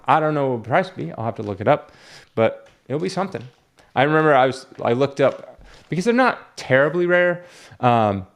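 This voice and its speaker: A man running a comic book shop, chatting casually and rambling as he talks himself through each graded book. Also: mid-range voice. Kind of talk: casual unboxing chat.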